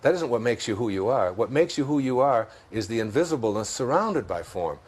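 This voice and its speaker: A man's voice: mid-range voice, sing-song, a little fast, darkish tone, slightly rough. A man with a Detroit accent, a guest in an interview, talking reflectively about spiritual ideas and often laughing through his stories. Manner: thoughtful, laughs often while telling stories.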